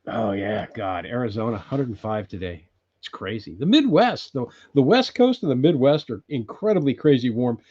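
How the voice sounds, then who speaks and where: An older man from California hosting a casual live chat from his off-grid cabin, rambling and laughing often as he greets viewers loudly. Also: mid-range voice, expressive, normal speed, dull audio. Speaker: live-stream host.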